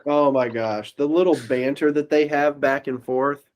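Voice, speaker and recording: A man co-hosting a movie podcast over a video call, laid-back and slowly searching his memory for a line. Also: medium pitch, steady tone, a little mellow, slight background noise. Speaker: podcast co-host. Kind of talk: casual movie-review chat.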